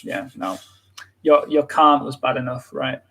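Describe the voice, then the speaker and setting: A man's voice: mid-range voice, unhurried, bright, forceful tone. A British man with a British accent, hosting a live English lesson and talking with many fillers and restarts. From Britain. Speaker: English teacher, livestream host.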